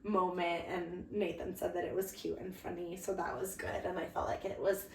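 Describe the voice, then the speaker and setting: A woman's voice: on the low side, little pitch movement, moderate pace, far from the mic, a little hiss or hum. A young woman co-hosting a podcast, telling a story in a gushing, casual way with lots of fillers. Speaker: podcast co-host. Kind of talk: casual chat. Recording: echoey room, voice a bit off-mic.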